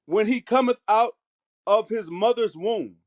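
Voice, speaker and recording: Man, high-pitched, measured scripture reader. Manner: measured, slows on key phrases. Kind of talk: reading scripture aloud.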